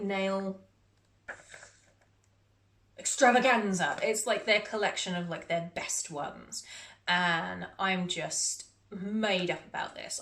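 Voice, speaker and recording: A woman's voice: on the low side, fairly bright tone. Chatty woman, echoey room. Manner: chatty, self-mocking, rambling with many fillers. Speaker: beauty vlogger. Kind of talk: casual haul chat to camera. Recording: echoey room with faint noise.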